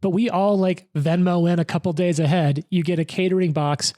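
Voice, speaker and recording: A speaker on a tabletop game podcast going off on enthusiastic tangents, rushing ahead when excited. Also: medium pitch, no room sound, clean studio sound. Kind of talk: casual chat.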